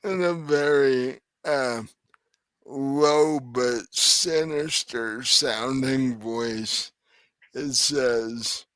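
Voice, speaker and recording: Man, game master, tabletop game narration, often laughing, very slow pace, clear voice. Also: mid-range voice, a bit bright, no room sound.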